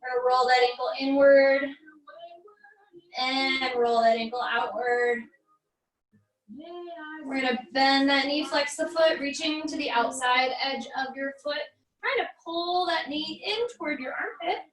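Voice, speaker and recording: An American woman, a fitness instructor, calmly guiding a barre stretching class with encouraging cues and light jokes. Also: sits high, unhurried, roomy sound, far from the mic, low-quality recording.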